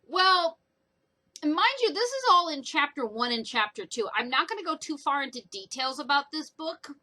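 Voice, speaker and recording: A young woman casually retelling a book's plot in a chatty, animated way for her vlog. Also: high-pitched, normal speed, low-quality recording. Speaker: book reviewer. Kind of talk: casual book review vlog.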